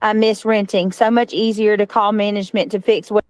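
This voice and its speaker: A woman's voice: medium pitch, little pitch movement, brisk, darkish tone, no room sound. A woman ranting casually on her own livestream, complaining and swearing in passing. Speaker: streamer in a played clip.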